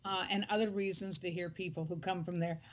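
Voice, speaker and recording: Older woman co-host, reflective and easygoing, lowish voice, dull muffled sound. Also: steady tone, brisk. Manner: reflective, with soft laughs. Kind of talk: casual conversation.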